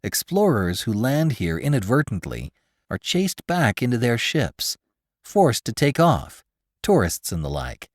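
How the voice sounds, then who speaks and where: A man voicing a small, nervous space photographer who talks in a jittery, excitable way. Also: medium pitch, a little slow, no room sound, studio quality. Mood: earnest.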